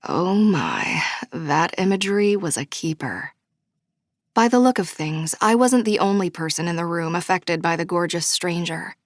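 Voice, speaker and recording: A woman narrating a romance audiobook in first person, bubbly and expressive. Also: on the low side, normal speed, dry recording, studio quality. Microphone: studio microphone.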